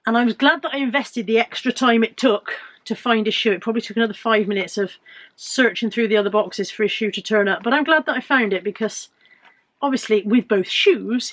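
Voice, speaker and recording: A British woman in her fifties, a reseller vlogger, chats casually and pokes fun at herself while showing off her finds. Her mid-range voice is a little bright and her pace brisk.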